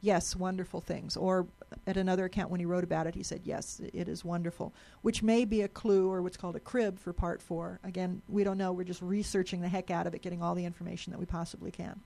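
A woman's voice: fairly low pitch, level tone, quick pace, vocal fry, hardly any pauses, dark tone. A woman giving a live presentation to an audience in a lecture room, chatty and explanatory, often restarting and repeating words.

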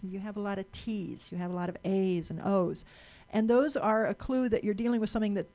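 A woman's voice: medium pitch, creaky, a little mellow. A woman giving a talk to a live audience, chatty, asking the room questions and often repeating and restarting words.

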